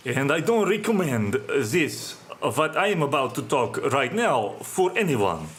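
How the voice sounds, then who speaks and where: A man's voice: mid-range voice, very animated, a little slow, few pauses, a bit bright. A male podcast host speaking in a sardonic monologue, in non-native English that often drops articles.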